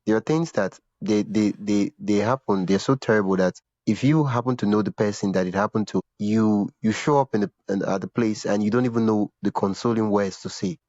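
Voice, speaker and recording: A man's voice: fairly low pitch, brisk, few pauses, a little mellow, no room sound, highs cut off. A man hosting a podcast interview, talking casually and often restarting his sentences as he searches for words. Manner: searching for words, repeats himself, laughs now and then. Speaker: podcast host. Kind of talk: conversational interview.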